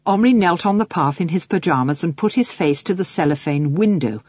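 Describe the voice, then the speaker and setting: A woman narrating an audiobook for children in an expressive storytelling manner. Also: on the low side, brisk, husky, no room sound, muffled recording. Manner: expressive storytelling with lively swings.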